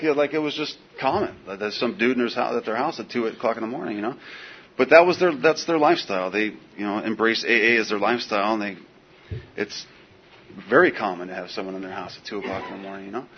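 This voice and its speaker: A man telling a personal story in casual, animated speech, full of "dude" and "man". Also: on the low side. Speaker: guest telling his recovery story. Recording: dull lo-fi recording with faint hiss.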